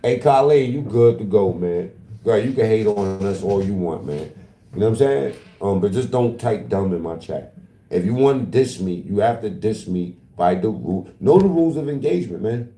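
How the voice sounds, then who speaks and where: A man's voice: fairly low pitch, expressive, normal speed, dark tone, roomy sound. A man livestreaming in casual talk to his chat, taunting and profane as he trash-talks.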